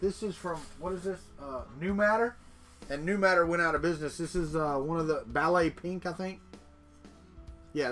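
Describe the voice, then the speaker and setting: Reading viewer comments aloud and joking along, a man runs a casual livestream chat. He sounds fairly high-pitched, bright, and forceful.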